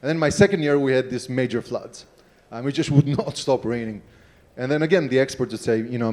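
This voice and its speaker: Mayor on a panel, man, warm mellow tone, relaxed storytelling. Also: mid-range voice, fairly quick. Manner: relaxed storytelling, many fillers. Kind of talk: panel speech with anecdote.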